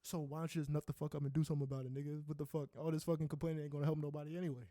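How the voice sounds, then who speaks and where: A young man with a high voice talks in a heated, profane rant on a podcast, tripping over restarts as he pushes his point. The sound is dry and close. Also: level tone, racing, warm tone, dry recording. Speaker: podcast co-host. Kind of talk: casual podcast chat.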